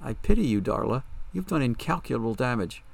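A man's voice: medium pitch, animated, fairly quick, creaky, darkish tone, dry recording. A man voicing a perceptive psychic woman in an audiobook, questioning coolly and accusingly. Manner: probing, cool and accusing.

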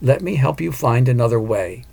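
Man voicing a calm, cunning woman psychic. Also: medium pitch, normal speed, creaky. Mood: persuasive. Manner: calm, patient, persuasive.

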